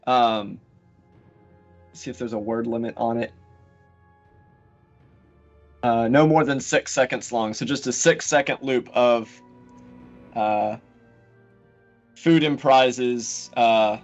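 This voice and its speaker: A man's voice: mid-range voice, takes it slowly, pauses often, soft background music. A man playing a tabletop roleplaying game, explaining his turn in a casual, hesitant way. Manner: casual, hesitant, many fillers. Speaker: player.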